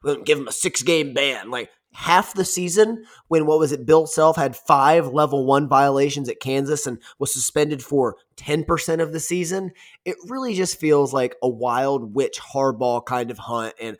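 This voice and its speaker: A man's voice: medium pitch, normal speed. A sports podcast co-host with a mid-range male voice. He chats in an easygoing way and mostly agrees with his partner. He fills his talk with casual slang. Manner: laid-back, agreeable chatter with "man" and "dude".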